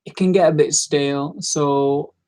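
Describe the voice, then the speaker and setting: A man's voice: fairly high pitch, fairly even intonation, unhurried, warm tone. A tired man giving a rambling, opinionated casual recap as host, full of fillers and restarts.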